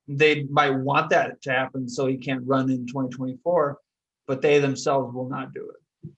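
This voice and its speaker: A man's voice: medium pitch, level tone, normal speed, a bit bright, husky, dull audio. A man on a podcast panel, laying out his views on politics bluntly and with profanity. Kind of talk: casual political discussion.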